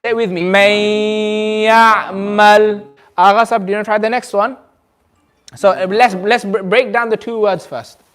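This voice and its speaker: High-voiced man teaching a recitation class. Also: steady tone, fairly quick, faint music behind. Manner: patient, quizzes the class, models recitation aloud. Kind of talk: classroom lesson. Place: community centre classroom.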